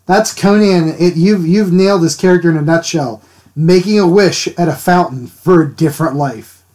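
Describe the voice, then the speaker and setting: An art livestreamer inks drawings while chatting casually with his viewers, rambling and laughing as he answers them. His voice is a little high and darkish in tone, at a normal speed.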